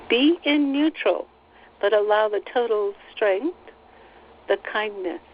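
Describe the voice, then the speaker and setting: A woman relaying channeled spiritual teachings on a recorded call, speaking slowly and gently and repeating phrases. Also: medium pitch, slight background noise. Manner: slow, soothing, repeats phrases, relays quotes. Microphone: phone line on a teleconference call. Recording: slightly dull teleconference audio.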